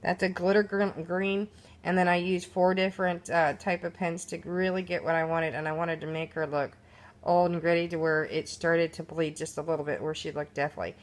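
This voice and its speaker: Speaking at normal speed in a fairly low, flat voice, a woman casually walks through her craft project in a show-and-tell style. She rambles with fillers and restarts, sounds a little sleepy and yawns, and it's recorded on a phone camera at home.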